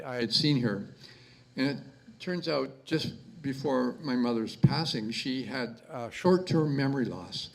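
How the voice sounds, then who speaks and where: Gravelly-voiced man giving a halting eulogy. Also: mid-range voice, low-quality recording. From Canada. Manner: halting, repeats words, many fillers. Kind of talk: memorial speech.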